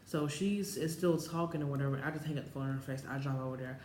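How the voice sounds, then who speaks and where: This vlogger is a woman in her late twenties whose voice rumbles low and comes out quick and a little mellow. She rambles chattily through a personal story to camera, using lots of filler words, in a room with noticeable echo and faint background noise.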